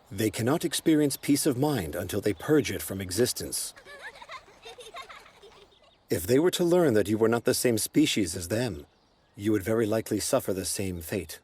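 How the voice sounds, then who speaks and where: An actor voicing a towering, gentle golem lord who speaks slowly and solemnly in an anime dub. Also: male voice, lowish voice, slightly rough. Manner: slow, measured and solemn.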